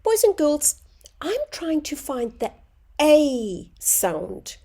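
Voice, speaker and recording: A woman teaching a phonics lesson to young children, sounding out words slowly and clearly. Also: high voice, big pitch swings, dark tone.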